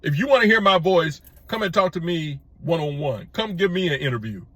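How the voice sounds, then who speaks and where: Emphatic husky-voiced man ranting to camera. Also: on the high side, expressive, fairly quick, pushed and bright, dry recording. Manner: emphatic, repetitive, restarts with stammered false starts. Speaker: YouTube channel host. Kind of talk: opinion monologue to camera.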